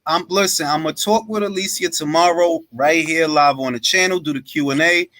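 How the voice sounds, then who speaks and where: A man hosting a casual boxing talk livestream, animated and swearing freely. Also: fairly high pitch, normal speed. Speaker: host.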